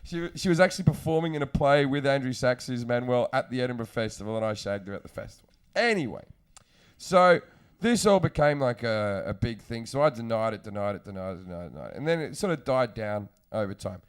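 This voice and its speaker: A man's voice: mid-range voice, expressive, brisk, clean tone. A man, a comedian hosting a podcast, telling crude, rambling anecdotes in casual chat and acting out the quotes.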